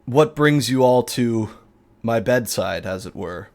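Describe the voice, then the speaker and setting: A man voicing a courteous older male vampire saint, gracious and formal in a measured way. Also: mid-range voice, animated, a little mellow.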